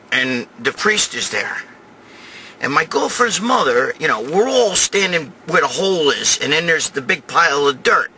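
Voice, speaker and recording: A middle-aged man with a New York Italian accent telling a crude, rambling comic story, often breaking into shouts. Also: mid-range voice, slight background noise, low-quality recording. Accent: New York Italian-American. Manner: profane, rambling, swings to loud shouting. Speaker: show host telling a story.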